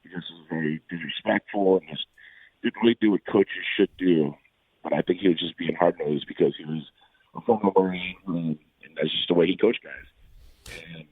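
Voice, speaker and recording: Middle-aged guy telling fight stories, real low voice, lots of uhs, sounds like a phone line. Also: breathy edge, dry recording. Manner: rambling, many "uh" pauses and restarts. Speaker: guest, former fighter. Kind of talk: casual storytelling in an interview. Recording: tinny phone-like line, dry.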